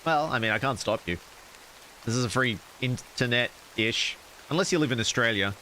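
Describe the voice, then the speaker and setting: A man's voice: mid-range voice, moderate pace, pushed and bright, a little hiss or hum, poor audio. A man streaming, casually reading a horror story aloud and cracking jokes to chat. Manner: casual, wisecracking asides to chat.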